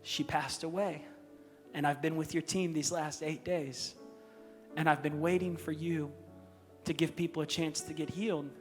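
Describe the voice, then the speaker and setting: A male pastor voicing a grieving, gentle man of faith, speaking quietly and tenderly. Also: on the high side, fairly even intonation, moderate pace, natural voice. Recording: echoey hall with music underneath.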